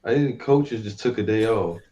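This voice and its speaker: A man's voice: fairly low pitch, lively intonation, fairly quick, warm tone. A man co-hosting a post-game sports talk show, grumbling and fed up with his team. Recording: dull lo-fi sound.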